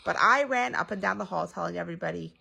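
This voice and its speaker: Woman storyteller, bedtime read-aloud, bright and husky. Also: on the low side, quick pace, rough recording. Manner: expressive, sing-song reading.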